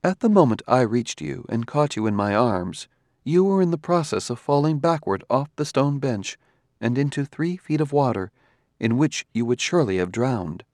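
Cast a male actor as an unflappable robot detective, formal and measured, mid-pitched, dry close sound. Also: lively intonation, a little mellow, dry recording, lightly acted. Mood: calm. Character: calm, precise male humanoid robot detective. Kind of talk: audiobook character reading.

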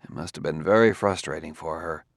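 Male audiobook narrator, low and gravelly, steady delivery, very dry close recording. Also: fairly quick, dry recording. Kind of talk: scripted narration.

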